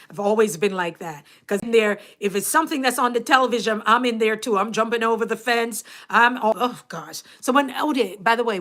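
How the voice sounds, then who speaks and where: A woman with a Jamaican accent, hosting a casual livestream and chatting to her viewers, animated and laughing often. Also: on the high side. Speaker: YouTube coach and livestream host.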